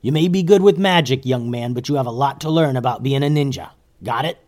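A man's voice: mid-range voice, brisk, darkish tone, lightly acted. A man voicing a stern, precise ninja leader in a children's story, lecturing in a raised, bossy voice.

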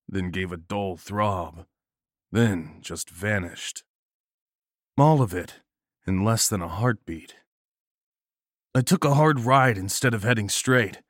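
Man, low voice, horror story narrator, grim measured delivery, dry close sound. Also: fairly bright tone, no room sound.

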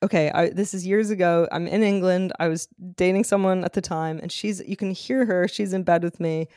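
A woman co-hosting a podcast, telling a story in a casual, animated, self-mocking way. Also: fairly low pitch, brisk, no echo, clean studio sound. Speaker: podcast co-host.

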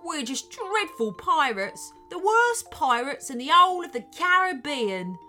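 A woman voicing a gruff, blustering male pirate captain in a storybook, with loud pirate growls and wailing when upset. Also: high-pitched, very animated, slow, soft background music, pitched above the performer's own voice, heavily acted. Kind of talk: storybook character voice.

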